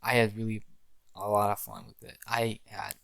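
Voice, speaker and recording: A man's voice: lowish voice, little pitch movement, moderate pace, gravelly, a bit bright, no echo. A young man telling the story of an amateur fan film he made, in a rambling way with frequent restarts. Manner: rambling, restarts often, acts out his own film lines. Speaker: amateur filmmaker. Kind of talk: casual storytelling.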